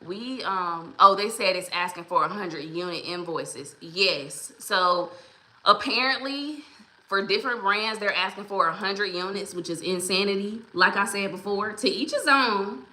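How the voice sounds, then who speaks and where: Greeting viewers by name, a woman hosts a relaxed livestream, chatty and encouraging throughout. Her medium-pitched voice is bright and forceful, a little slow, and the audio carries a roomy echo.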